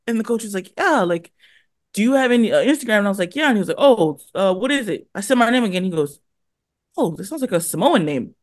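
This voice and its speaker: Lively young woman telling stories in a dry studio. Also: fairly high pitch, dry recording. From born in Hawaii, raised in California. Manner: animated storyteller, acts out quoted voices. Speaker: guest athlete. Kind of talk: casual interview chat.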